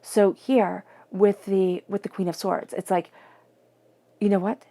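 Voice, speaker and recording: Gravelly-voiced woman doing a tarot reading. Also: medium pitch, flat delivery, a little slow. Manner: chatty, emphatic, softly murmured invocations. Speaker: tarot reader. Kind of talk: casual tarot reading monologue.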